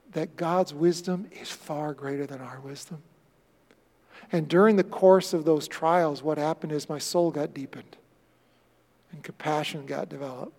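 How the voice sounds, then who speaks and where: A male pastor preaches with a high, gravelly voice, shifting from loud bursts to hushed, earnest storytelling. His words ring with the long reverb of a large hall. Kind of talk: sermon.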